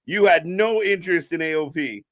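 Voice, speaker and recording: A man joins the stream to needle the host, speaking in easy casual banter. His voice sits fairly high for a man. The sound is close and dry. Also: moderate pace, dry recording.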